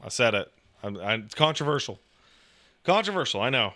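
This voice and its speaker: A man in his thirties chatting casually about raising a baby, profane and animated, full of "like" and restarts. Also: mid-range voice, a little fast. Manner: profane, animated storytelling with lots of "like". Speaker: podcast talker, new father. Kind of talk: casual chat.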